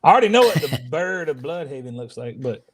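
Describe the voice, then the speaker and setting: A man's voice: on the high side, big pitch swings, fairly quick, crowd noise. A man who works as a youth minister, co-hosting a casual live chat in a laid-back, drawling way and laughing often. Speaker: co-host.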